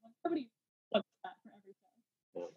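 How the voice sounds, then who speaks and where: A woman comedian in casual chat, talkative and quick to laugh, who says "like" a lot. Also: fairly high pitch, wildly swooping pitch, breathy edge. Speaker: comedian, guest. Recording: muffled lo-fi audio.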